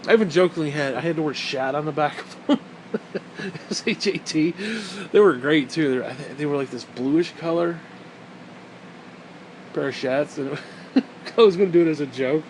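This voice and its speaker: A man's voice: medium pitch, darkish tone, slight background noise. A man talking in a casual, rambling rant, profane and sarcastic.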